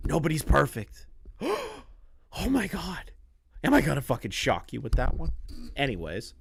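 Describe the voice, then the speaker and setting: A man's voice: medium pitch, fairly bright tone. A man streaming live commentary to his chat, ranting in a crude, sarcastic way and rambling with fillers and restarts. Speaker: streamer reacting to online drama.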